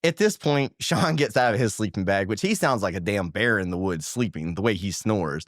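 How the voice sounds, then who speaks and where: Guy, chatty storyteller, lots of laughs, swinging pitch, dry booth. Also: normal speed, no room sound. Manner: animated, laughs often, acts out sounds and quotes. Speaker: podcast guest telling a campfire story. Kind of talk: casual storytelling.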